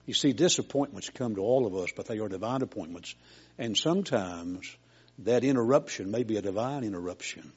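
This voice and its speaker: A man's voice: fairly low pitch, animated, brisk, slightly rough, muffled recording. An older man preaching a sermon in a folksy, homespun storytelling way, as a preacher.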